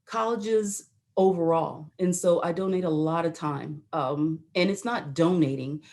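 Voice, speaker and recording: A woman's voice: fairly low pitch, a little slow, a little mellow. A middle-aged American woman, a retired Army colonel, telling stories as a talk show guest and acting out the voices she quotes. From United States. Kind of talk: storytelling in a talk show interview.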